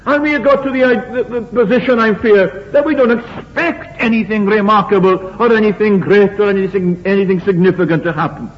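A man with a high voice preaches a sermon in a chapel, speaking briskly with few pauses. He is earnest and repetitive, asking the congregation rhetorical questions, and the lo-fi recording sounds dull in a reverberant hall.

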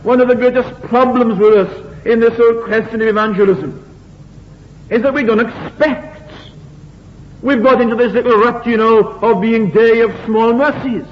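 Man preaching, high voice, keeps asking the room questions, dull old recording. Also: a little hiss or hum. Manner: earnest, repetitive, asks the congregation rhetorical questions. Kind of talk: sermon. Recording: dull, lo-fi recording in a reverberant hall.

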